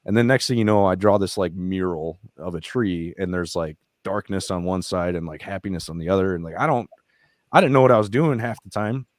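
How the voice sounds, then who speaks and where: A man's voice: deep voice, fairly quick, no room sound, clean studio sound. A man, a veteran who founded a nonprofit, talking as a podcast guest in a casual, candid way, profane and emotional as he retells his stories. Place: podcast studio.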